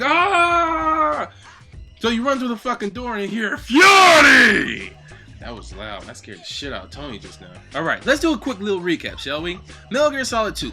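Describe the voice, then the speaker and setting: A man hosting a gaming video, giving an excitable, heavily profane casual ranking commentary. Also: high voice. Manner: acts out game lines in loud bursts.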